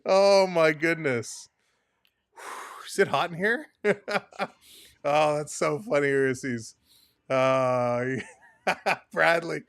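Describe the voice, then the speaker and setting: A man hosting a live hockey watch-along, calling the play and chatting with viewers, quick to laugh. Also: on the high side, vocal fry, clear, resonant tone, no echo, clean studio sound. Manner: excitable, laughs often, reads out viewer comments.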